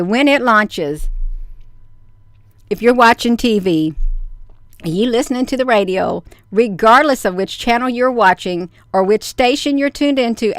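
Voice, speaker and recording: A woman's voice: mid-range voice, clean tone, no room sound, clean studio sound. A woman hosting a casual livestream, chatting with viewers, addressing them as "you all" and reading news aloud with her own comments. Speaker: livestream host.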